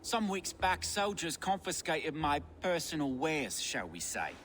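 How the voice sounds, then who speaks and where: An actor playing a sly, charming male swindler in a video game, smooth-talking and mocking. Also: on the high side, very animated, unhurried, a bit bright, slight background noise.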